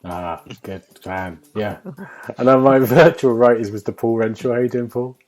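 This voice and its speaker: A man's voice: mid-range voice, fairly even intonation, moderate pace, a little mellow. A man hosting a casual gaming podcast, introducing guests and teasing them with jokes. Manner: jokey, teasing banter. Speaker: podcast host.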